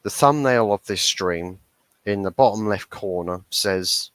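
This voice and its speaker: A young man with a lowish voice rants through a football match reaction, swearing and mocking the referee. His voice sounds dry and close, with no room around it. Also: lively intonation, unhurried, a bit bright, no room sound, low-quality recording. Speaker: football fan channel host. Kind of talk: heated match reaction stream.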